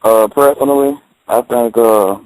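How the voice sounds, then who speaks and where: A man from Texas calling in to a talk show, easygoing and slangy. His voice sits at a middling pitch and sounds dry. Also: unhurried, a little mellow, dry recording, low-quality recording. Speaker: caller. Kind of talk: call-in chat.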